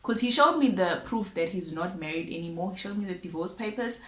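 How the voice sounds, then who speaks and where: A woman's voice: on the low side, expressive, fairly quick. A woman chattily retelling a dramatic personal story, often correcting herself. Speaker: vlogger. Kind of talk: casual storytime. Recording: roomy echo.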